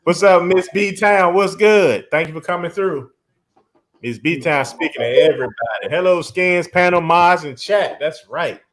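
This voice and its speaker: A man chatting on his own livestream in a slightly high voice. He talks emphatically, circles back over the same phrases and laughs easily between points. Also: moderate pace, fairly bright tone. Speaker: live stream host. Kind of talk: casual live-stream chat.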